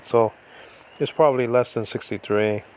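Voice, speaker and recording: A man gives a loose, rambling livestream lesson from inside his own house, speaking at a middling pitch. He talks to viewers on a device running on battery, drifts off topic, and restarts sentences often. A faint hum of background noise sits under his voice. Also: moderate pace, a little mellow. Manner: digressive, chatty, many fillers and restarts. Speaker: Bible Greek teacher. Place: self-built cement-block house during a typhoon.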